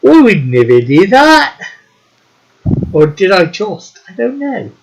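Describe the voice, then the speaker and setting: Casting: male stream co-host, light high voice, unhurried, playful while reading out chat. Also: huge pitch swings, gravelly, rough recording. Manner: joking, reads viewer comments aloud. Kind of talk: casual livestream chat.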